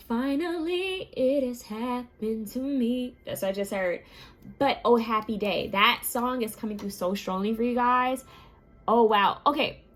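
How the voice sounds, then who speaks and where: A woman who has just woken up, giving a relaxed pick-a-card tarot reading and musing aloud to her viewers. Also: mid-range voice. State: just woke up. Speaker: tarot reader.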